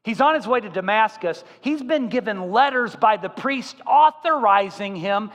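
A man preaching a sermon as pastor, telling stories with animated voices. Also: sits high, moderate pace, in a large hall, dull audio. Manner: animated storytelling, acting out voices.

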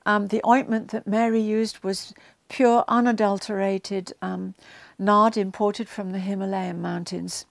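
A woman's voice: medium pitch, little pitch movement, a little slow, creaky, no room sound. A woman giving a conversational Bible teaching to camera, with chatty asides and frequent ums, growing emphatic as she retells scenes.

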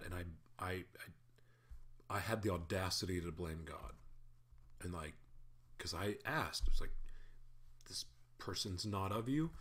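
A man's voice: low-pitched, fairly bright tone. A man in a casual spoken faith reflection, candid and self-deprecating, who chuckles often and stumbles over his words.

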